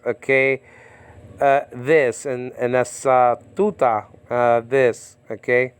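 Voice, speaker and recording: A man teaching a casual verse-by-verse lesson on biblical Greek and Hebrew, halting often with fillers and checking in with "okay?". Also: medium pitch, level tone, smooth, no echo. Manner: halting, many fillers and repeated okays. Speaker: Bible teacher. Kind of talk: informal verse-by-verse language lesson.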